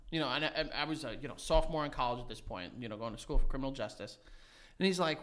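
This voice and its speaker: Talking fast in a fairly high voice, this podcast co-host rambles his way through stories during casual chat. He's animated, stuffs in plenty of "like" fillers, and laughs while telling them.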